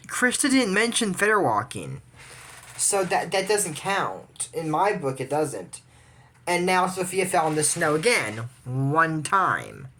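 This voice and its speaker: A woman's voice: lowish voice, pushed and bright. A woman giving a rambling, judgmental recap of a cartoon episode in casual commentary, with frequent restarts.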